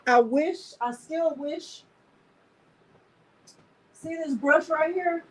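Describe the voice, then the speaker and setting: A woman hosting a live crafting tutorial, talking straight to her viewers in an animated, exclamatory way. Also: sits high, drawn-out words.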